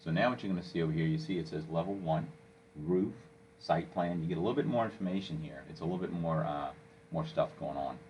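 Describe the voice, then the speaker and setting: A man walking a listener through software step by step, coaching and checking in with "okay?" as he goes. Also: low voice, fast talker, dull audio, slight background noise. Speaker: software instructor. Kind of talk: screen-recorded software tutorial.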